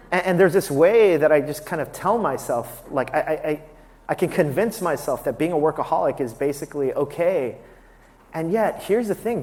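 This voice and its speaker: A man in his forties, a pastor giving a candid, conversational sermon with self-deprecating humor. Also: a little high. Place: church sanctuary. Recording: long hall reverb.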